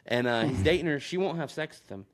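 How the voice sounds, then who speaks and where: A man's voice: a little high, lively intonation, fast talker. A man recorded on a phone, rambling through a crude story in casual podcast chat and laughing often. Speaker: podcast co-host.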